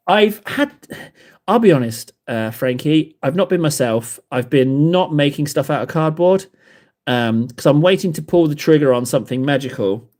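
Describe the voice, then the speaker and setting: A man's voice: fairly high pitch, very animated, moderate pace. A man hosting a livestream, chatting with viewers while painting models, rambling and self-mocking, laughing often. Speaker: livestream host painting miniatures. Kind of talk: casual chat with live chat.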